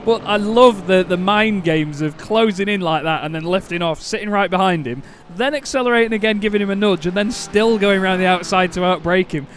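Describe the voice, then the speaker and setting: A man with a Northern English accent doing excitable, jokey live sim racing commentary, quick to laugh and exclaim. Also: high voice, a little hiss or hum.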